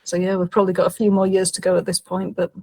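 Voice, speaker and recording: A woman's voice: lowish voice, completely flat delivery, quick pace, a little mellow, no room sound. A woman co-hosting a casual podcast, recapping an episode and reading out quoted lines with frequent small laughs. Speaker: podcast co-host.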